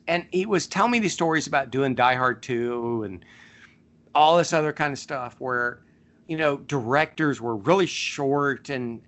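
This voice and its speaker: A man hosting a podcast, chatting casually and spinning long anecdotes. His voice is bright and forceful, and he pads his stories with plenty of ums and you knows. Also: fairly high pitch. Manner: rambling storyteller with many fillers. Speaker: podcast host. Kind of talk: casual chat and storytelling.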